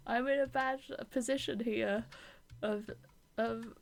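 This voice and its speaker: A woman's voice: fairly high pitch, steady tone, takes it slowly, gravelly. A young woman streamer chatting casually over a story game, laughing and making self-deprecating asides.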